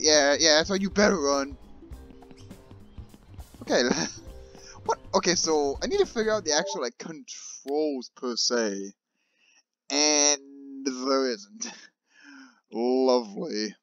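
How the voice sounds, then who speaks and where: A man giving casual let's-play commentary, excitable, yelling and swearing at characters in the game. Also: mid-range voice, takes it slowly, pauses often, faint music behind. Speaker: gaming YouTuber.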